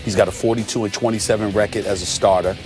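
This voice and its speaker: A man's voice: lowish voice, fairly even intonation, quick pace, darkish tone, faint music behind. A man hosting a sports debate show, arguing his points emphatically and listing them one after another with frequent uhs.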